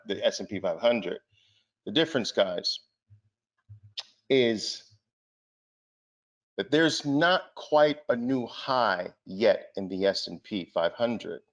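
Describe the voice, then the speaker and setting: A man giving a market presentation, speaking emphatically and asking the audience rhetorical questions. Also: mid-range voice. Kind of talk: trading seminar presentation.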